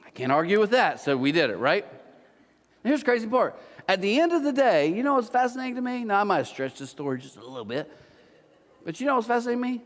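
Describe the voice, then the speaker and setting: A man's voice: high-pitched, sing-song, quick pace. A man preaching a sermon to his congregation, telling jokey stories and teasing the people listening. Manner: joking storyteller, teasing the congregation. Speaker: pastor. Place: large church auditorium. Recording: long hall reverb.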